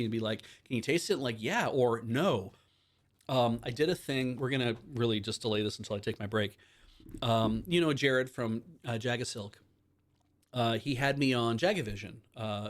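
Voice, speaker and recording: A man hosting a live stream, chatting casually in a rambling, animated way and acting out bits of dialogue in quick voices. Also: mid-range voice. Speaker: stream host.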